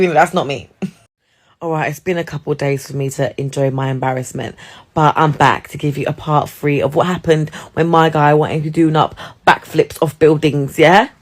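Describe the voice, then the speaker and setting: A woman from England telling a dating story in a casual, animated way, laughing and swearing. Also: low voice, moderate pace.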